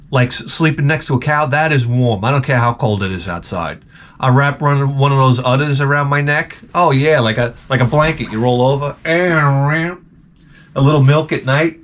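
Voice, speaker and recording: A man's voice: mid-range voice, a bit bright. A man vlogging with the flu, telling a comedic story in an exasperated, rambling, profane way. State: sick with the flu.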